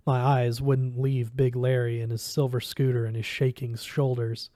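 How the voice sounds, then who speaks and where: A man reads a novel aloud, narrating in the first person at a steady pace. His voice is mellow and relaxed. The recording is dry and close. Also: mid-range voice, normal speed, few pauses, no echo. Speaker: reader.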